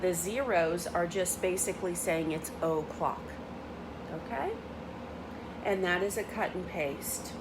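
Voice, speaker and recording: A woman's voice: on the low side, unhurried, background noise. A woman teacher giving patient step-by-step instructions for class work at home.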